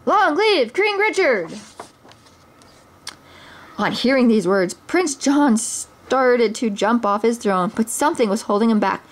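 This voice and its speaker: A woman's voice: a little high, normal speed, few pauses. A woman, a mother, reading a children's storybook aloud expressively, now and then stumbling and restarting a word.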